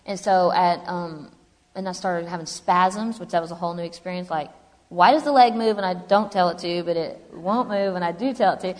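A woman's voice: fairly low pitch, brisk. A woman telling her personal story to an audience in a chatty, humorous way. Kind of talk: personal testimony to a live audience. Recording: long hall reverb.

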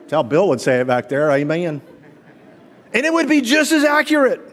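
Preaching pastor in a reverberant hall. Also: male voice, high-pitched, normal speed. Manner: animated preaching, rhetorical questions to the congregation. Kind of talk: sermon. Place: church sanctuary. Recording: long reverb of a large hall.

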